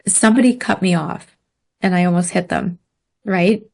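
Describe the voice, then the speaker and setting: A woman telling a story in casual podcast chat, animated, laughing often and using many fillers. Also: fairly low pitch, moderate pace, gravelly. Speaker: podcast guest.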